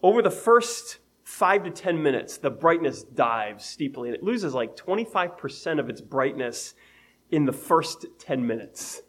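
A man's voice: fairly high pitch, big pitch swings, measured pace, a bit bright, slightly rough. A man preaching an evening sermon in a conversational way, reading scripture aloud and laughing at his own everyday examples.

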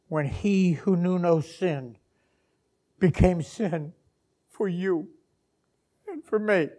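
A man with a fairly high, breathy-edged voice preaches a sermon. He sinks to hushed whispers and climbs to shouted climaxes, pausing slowly and deliberately.

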